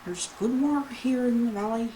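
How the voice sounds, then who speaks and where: A woman voicing a gruff old male fisherman in a video game, with a hearty, folksy seafaring drawl. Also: a little high, moderate pace, mellow, a little hiss or hum, pitched above the performer's own voice, natural voice. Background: game music.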